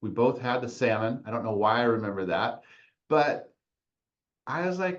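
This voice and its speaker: A man's voice: mid-range voice, moderate pace, dull audio. A man in his forties, a podcast host, telling his own career story in a rambling casual way, often restarting and laughing at himself.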